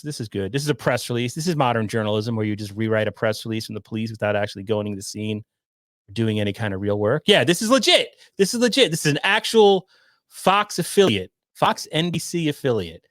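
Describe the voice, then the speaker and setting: A man's voice: medium pitch, expressive, fast talker, no echo, studio quality. A man hosting a podcast livestream, reacting to a news clip and rambling sarcastically. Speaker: podcast host. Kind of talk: casual livestream commentary.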